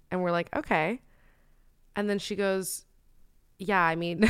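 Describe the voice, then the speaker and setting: A woman's voice: lowish voice, fairly even intonation, measured pace, pauses often, fairly bright tone, clean tone, dry recording, studio quality. A woman in her twenties co-hosting a podcast, telling a story in casual chat and laughing through her words. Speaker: podcast co-host.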